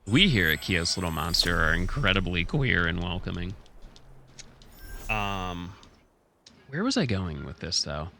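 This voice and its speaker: Low-voiced man with the hiccups. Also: sing-song, a little slow, creaky, pauses often, pushed and bright, a little hiss or hum. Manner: rambling, profane, joking. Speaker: streamer speedrunning a game. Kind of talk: casual live-stream commentary.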